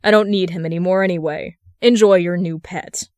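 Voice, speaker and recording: A woman's voice: fairly low pitch, fairly even intonation, fairly quick, a little mellow, no room sound, studio quality, lightly acted. A woman voicing an arrogant male wizard villain with a haughty, sneering manner.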